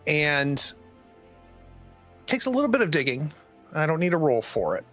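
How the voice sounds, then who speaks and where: A man's voice: a little high, big pitch swings, normal speed, a bit bright, soft background music. A man running a tabletop horror game as game master, hesitant and full of ums and restarts.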